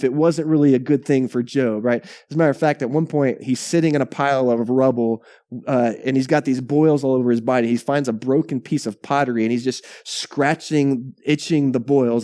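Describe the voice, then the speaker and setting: A male pastor preaching a sermon in a conversational, animated way, often pausing to ask "right?". His voice is mellow and medium in pitch. The sound is dry and close. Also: no room sound.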